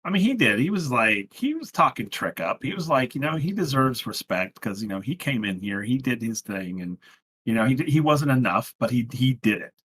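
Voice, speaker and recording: Earnest bright-voiced man rambling on. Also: medium pitch, big pitch swings, fairly quick, slightly rough, rough recording. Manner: earnest, rambling with many restarts and "you know"s. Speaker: podcast co-host. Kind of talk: casual wrestling recap chat.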